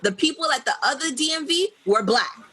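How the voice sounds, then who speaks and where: A woman's voice: high-pitched, animated, brisk, pushed and bright, low-quality recording. A woman from New York co-hosting a podcast, telling a story in casual chat, swearing often and acting out the other people in it. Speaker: podcast co-host.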